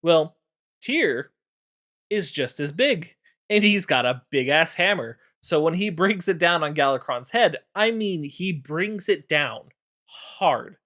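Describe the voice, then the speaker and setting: A man's voice: fairly high pitch, lively intonation, slow pace, sharp tone. A man streaming, casually recapping game lore with lots of fillers.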